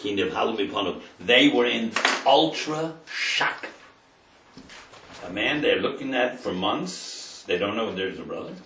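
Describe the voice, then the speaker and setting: Rabbi teaching a Torah class, dramatic storyteller, sharp bright tone, mic set back in a roomy hall. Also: male voice, on the low side, expressive, slow pace, slight background noise. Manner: dramatic storyteller, translating verse by verse. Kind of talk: Torah lesson retelling scripture. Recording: roomy sound from a distant mic.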